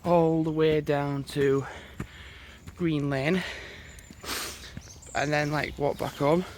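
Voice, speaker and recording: A man's voice: on the high side, steady tone, slow pace, noisy background. A man vlogging casually while out on a walk, out of breath and sighing often as he rambles. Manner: rambling, chatty, sighs often. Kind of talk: casual vlog chat while walking. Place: outdoors on a walk. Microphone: phone held while walking.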